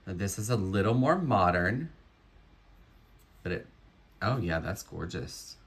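A man with a deep, low voice talks through an unboxing of jewelry he resells. He takes his time and lingers on each find, musing aloud in an admiring way. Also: lively intonation, unhurried. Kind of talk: unboxing commentary.

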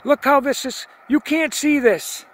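Man, high voice, slow and insistent, repeating himself to viewers, phone recording outdoors at night. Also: fairly bright tone. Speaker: video blogger. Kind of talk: filming outdoors, talking to viewers. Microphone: phone camera held while filming.

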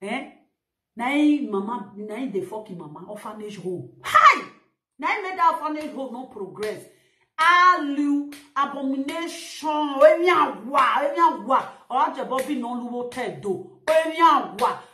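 A woman with a Nigerian Pidgin accent, scolding and insulting someone in a heated live-video rant full of loud exclamations. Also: on the high side, lively intonation, normal speed. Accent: Nigerian Pidgin English. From Edo, Nigeria. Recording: echoey room.

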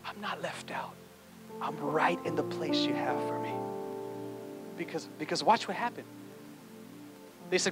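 Animated high-voiced pastor preaching. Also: male voice, normal speed, pauses often, soft background music. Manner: animated, playful, acts out quotes, urges the congregation. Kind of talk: sermon. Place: church.

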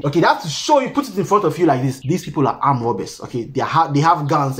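A man with a fairly high voice mocks an old movie in a loose, sarcastic commentary, laughing at its clumsy lines. Faint music hums under his talk. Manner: sarcastic, mocking, laughs often. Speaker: reviewer.

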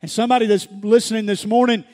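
A man preaching a sermon as pastor, calling out to the congregation and rising to shouts. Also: sits high, steady tone, quick pace. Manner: calls to the congregation, builds to shouts. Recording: church hall with long reverb.

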